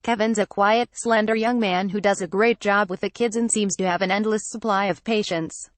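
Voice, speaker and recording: A woman's voice: medium pitch, fairly even intonation, normal speed, no room sound. Woman reading a memoir excerpt, dry sound. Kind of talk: steady read-aloud narration.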